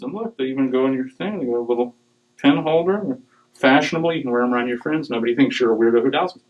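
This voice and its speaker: A middle-aged man giving a humorous talk to a live audience, animated and joking, with digressions and acted quotes. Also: mid-range voice, a little fast, long pauses, poor audio. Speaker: speaker on dowsing.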